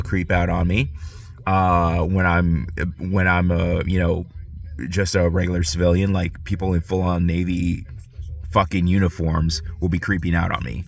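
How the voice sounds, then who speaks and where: A man's voice: fairly low pitch, fairly bright tone. A man ranting casually to camera, profane and rambling, often restarting his sentences. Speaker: vlogger.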